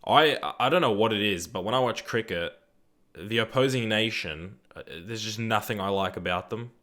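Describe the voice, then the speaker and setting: Young Aussie male streamer, slightly low voice, relaxed rambling chat with viewers, casual swearing. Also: moderate pace. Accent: Australian. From Australia. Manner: reads viewer chat aloud and answers it. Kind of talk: live gaming stream chat.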